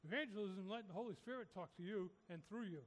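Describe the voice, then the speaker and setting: A man's voice: high voice, fast talker, long reverb tail. A man preaching a sermon, urging his listeners with repeated, rising calls. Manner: repetitive, rising exhortation.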